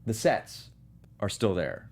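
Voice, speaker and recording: Animated man co-hosting a chat. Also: on the low side, takes it slowly, vocal fry, background noise. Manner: animated, self-deprecating, playful. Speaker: podcast co-host. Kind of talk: casual panel chat.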